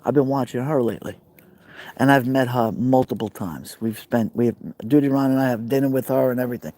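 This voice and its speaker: A man's voice: medium pitch, fairly quick, dark tone, no echo. A man with a Brooklyn accent, live streaming outdoors by a fire pit, rambling casually and answering viewer comments. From New York.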